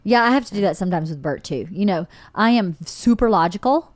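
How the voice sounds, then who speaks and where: A woman's voice: mid-range voice, a little fast, dry recording, clean studio sound. A woman hosting a podcast in casual chat, telling stories animatedly and acting out the dialogue she quotes. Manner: animated storyteller who acts out quoted dialogue. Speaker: podcast host.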